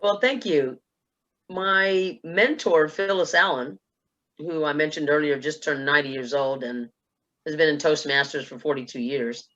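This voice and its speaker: A woman from South Texas on a panel, telling a personal story in a lively way and acting out the dialogue. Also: deep voice, measured pace, highs cut off. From South Texas, USA. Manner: lively, acts out dialogue in quotes. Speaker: panelist, speech contest finalist.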